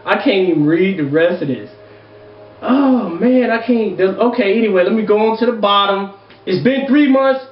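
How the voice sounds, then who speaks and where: A man hosting an advice show, reading viewer letters aloud and breaking into loud, exasperated, profane rants. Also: high-pitched, moderate pace, recorded from a distance. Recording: echoey room, dull lo-fi sound.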